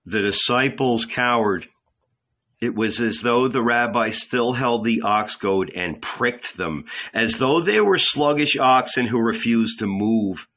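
A man narrates an audiobook in a measured, dramatic reading. His voice is bright and forward, and the recording sounds dull and lo-fi. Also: medium pitch. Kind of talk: scripted narration.

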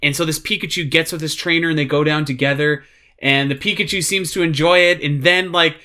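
A podcast co-host with a slightly high voice talks fairly quickly in a casual, animated chat reviewing a show. He rambles and uses plenty of fillers.

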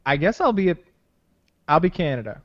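A young man talking casually in a halting, deadpan way, his voice a little high. The audio is slightly muffled and lo-fi, dry and close-up. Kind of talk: casual chat.

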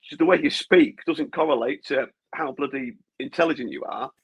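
A man's voice: fairly high pitch, normal speed, creaky, husky. A man co-hosting a casual football podcast, talking in long rambling runs full of restarts. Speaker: podcast co-host. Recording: dull lo-fi sound.

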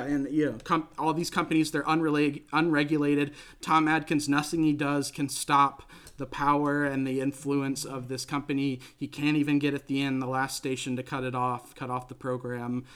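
Rambling enthusiastic man with a high voice. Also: flat delivery, moderate pace, a bit bright, clean tone. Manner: rambling, enthusiastic, many fillers and restarts. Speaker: podcast host. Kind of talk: casual movie review chat.

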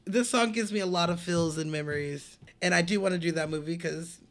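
Brief: male podcast co-host, a bit high-pitched, lively storyteller who swears freely. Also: fairly quick. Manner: animated storytelling, acts out quoted people, swears freely. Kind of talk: casual movie podcast chat.

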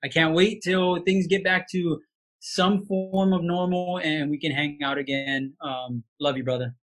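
A man from Hawaii in his late thirties tells a personal story on a podcast. His voice sits a bit high, and he speaks with heartfelt sincerity, often restarting his sentences. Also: steady tone, a little slow, a bit bright. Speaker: sportscaster guest. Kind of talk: casual podcast interview.

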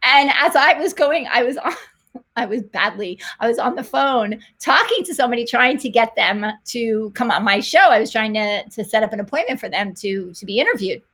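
A middle-aged woman hosting a faith talk show, telling a story with lively energy and frequent laughter. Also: a little high, breathy edge. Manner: excited storytelling, laughs often, fast animated retelling.

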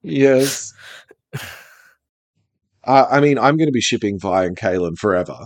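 A man hosting a podcast in casual chat, talking in an animated, rambling way with frequent restarts. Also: medium pitch, a little slow, dry recording. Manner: rambling, animated, self-interrupting. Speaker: podcast host.

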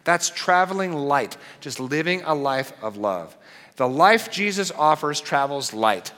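A pastor preaching a sermon in an animated, conversational way with playful asides. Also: male voice, mid-range voice, long reverb tail.

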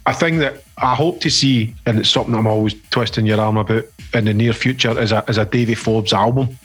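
A Scottish man hosting a radio show, chatting casually with a guest and telling lively, sweary stories. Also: fairly low pitch, slightly rough, soft background music. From Scotland. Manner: lively storyteller, quick to swear. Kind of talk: casual interview chat.

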